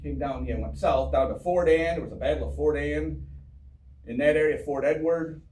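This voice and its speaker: A man gives a lively, joking history talk, quizzing his audience in a fairly high voice. He is recorded from far off in an echoey town hall. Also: normal speed, slight background noise. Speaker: history speaker. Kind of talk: informal public history talk.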